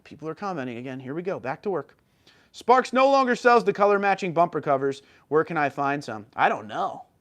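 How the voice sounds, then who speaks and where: A man hosting a casual livestream, reading viewer comments aloud and answering them in an upbeat way. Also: a little high. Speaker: livestream host.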